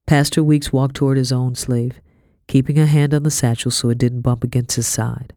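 A woman reading a first-person storybook, earnest and quietly tense, sometimes dropping to a whisper. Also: rumbling low, steady tone, moderate pace, no echo, clean studio sound. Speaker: audiobook reader.

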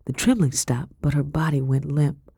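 Reading a first-person historical novel for an audiobook, a woman tells the story expressively and steadily on a close studio mic with no room sound. Her voice is low and husky, at a normal speed.

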